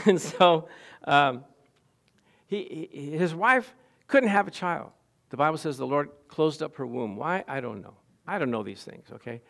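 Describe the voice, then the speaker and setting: A middle-aged man preaches with animated energy, rising from hushed asides to loud, emphatic declarations. His voice sits a touch higher than most men's, and he keeps putting questions to his listeners. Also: measured pace, vocal fry. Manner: animated preaching, swinging from quiet to loud, asks the congregation questions. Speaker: pastor. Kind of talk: sermon.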